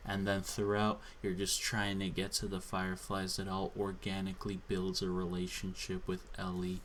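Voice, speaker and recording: A man's voice: deep voice, completely flat delivery, normal speed, hardly any pauses, a bit bright, slight background noise. A man on a drunken solo rant, angry, profane and exasperated. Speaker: channel host.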